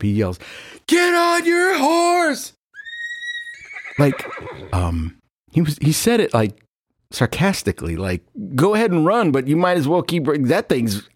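A middle-aged man telling a sports story in a casual, animated way, laughing often and jumping into high voices when he quotes people. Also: dry recording, clean studio sound.

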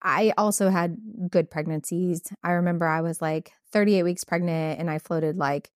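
A woman's voice: fairly low pitch, steady tone, moderate pace, clear, resonant tone, dry recording, studio quality. A woman veterinarian telling candid stories in casual conversation, with many fillers. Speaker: podcast host, veterinarian.

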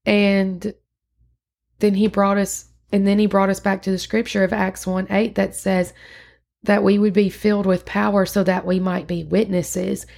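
Woman host, casual sermon recap, chatty, vocal fry throughout. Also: medium pitch, flat delivery, measured pace, a little mellow. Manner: chatty and earnest, with frequent fillers and restarts. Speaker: podcast host.

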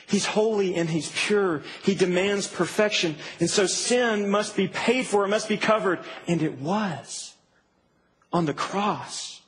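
A man preaching a sermon to a campus ministry, earnest and emphatic, dropping soft and then rising to stress. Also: sits high, unhurried, a little hiss or hum, low-quality recording.

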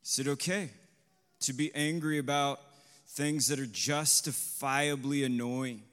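Male preacher, unhurried sermon delivery, smooth resonant tone, surging to loud peaks, long reverb of a hall. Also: steady tone. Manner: swells to loud, high emphatic peaks; asks the congregation questions, adds "right?". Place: congregation hall.

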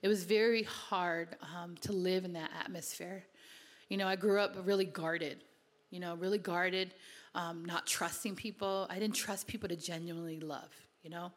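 A woman's voice: on the low side, fairly even intonation, moderate pace, long reverb tail. A woman from Connecticut giving an earnest, conversational personal testimony in a sermon, with many casual fillers. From Connecticut, USA.

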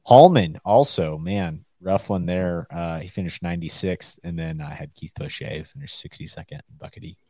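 A man's voice: deep voice, moderate pace, hardly any pauses, dark tone, no room sound. A man in a casual fishing chat, telling an easygoing story about getting pulled over. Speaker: show regular.

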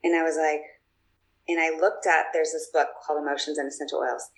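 Woman, low voice, interview guest, casual storytelling, chatty, fillers and restarts. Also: little pitch movement, a little fast, a little hiss or hum, low-quality recording.

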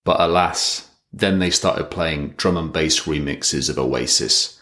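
Male podcast host, thirties, very low voice, dry and chatty monologue. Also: slow pace, a bit bright. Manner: wry, chatty, rambling. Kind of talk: casual solo podcast monologue.

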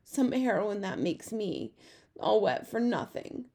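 A woman's voice: medium pitch, big pitch swings, slow, a little mellow. A woman voicing a dramatic, tearful young girl who is earnest and fussy about grammar, in an audiobook. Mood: upset. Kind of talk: audiobook character voice.

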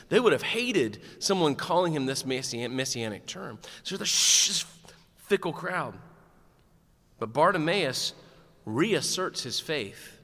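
A man preaching a sermon in a church, animated and conversational with bits of humor. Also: on the high side, long reverb tail. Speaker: pastor.

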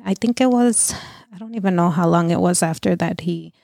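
A middle-aged woman telling her own painful story as an interview guest, halting and full of restarts and fillers. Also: fairly low pitch, vocal fry, warm tone, no room sound, clean studio sound. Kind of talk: emotional personal testimony.

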